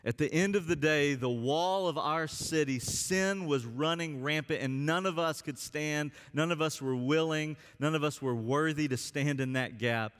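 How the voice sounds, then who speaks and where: A man's voice: a little high, moderate pace, hardly any pauses, fairly bright tone, smooth. A man preaching a sermon as pastor, speaking earnestly and drawing out key words for emphasis. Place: church sanctuary. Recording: long reverb of a church hall.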